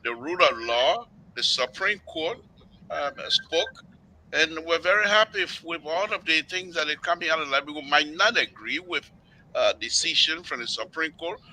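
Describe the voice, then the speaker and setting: Male panel guest, earnest and measured, very bright, higher-pitched voice. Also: lively intonation, poor audio. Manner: measured, earnest, politely insistent. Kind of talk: political panel debate.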